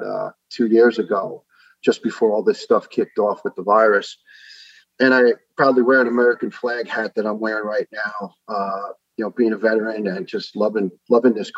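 A man in his fifties with a New York accent, a podcast guest telling stories earnestly with many pauses and uhs. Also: on the low side, slightly rough, no room sound, lo-fi sound. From New York City. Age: 50s. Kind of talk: casual interview talk.

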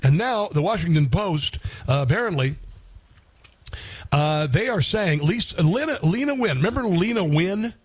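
A man's voice: sits high, animated, moderate pace, husky, no echo. A man hosting a talk radio show, delivering a combative, sarcastic monologue.

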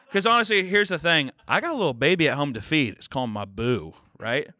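A man's voice: fairly high pitch, fairly quick, hardly any pauses, dry recording. A young man from the American Midwest co-hosting a podcast, riffing jokily in casual, profane chat. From Kansas City, US. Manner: jokey, animated, profane, riffing in bits. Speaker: podcast co-host.

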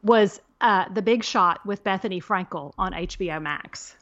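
A woman's voice: medium pitch, normal speed, fairly bright tone, lo-fi sound. A middle-aged woman co-hosting a podcast in casual chat, emphatic and fond of repeating herself for effect. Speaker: podcast co-host.

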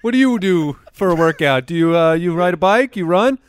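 A man chats on a comedy podcast, his voice smooth and clear and sitting a little high. He tells stories with gusto and acts out his own thoughts along the way. The sound is close and dry. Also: animated, a little fast, no echo. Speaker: podcast co-host. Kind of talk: casual comedic chat.

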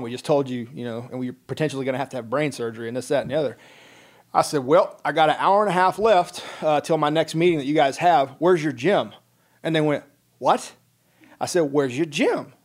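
A middle-aged man, a military veteran, telling a personal story in a casual podcast chat, wry and plain-spoken, acting out the dialogue. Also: on the high side.

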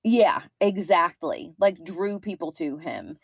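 A woman's voice: lowish voice, lively intonation, slow pace, vocal fry, breathy edge, dry recording. A woman in her thirties with a Kentucky accent, co-hosting a true-crime podcast in a chatty, rambling way with frequent fillers. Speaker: podcast co-host.

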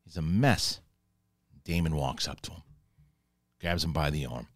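Male host, low voice, dry close sound; casual, profane, excitable recap of a TV episode. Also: unhurried, no room sound. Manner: profane, excitable retelling with acted-out quotes. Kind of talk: casual spoken TV episode review.

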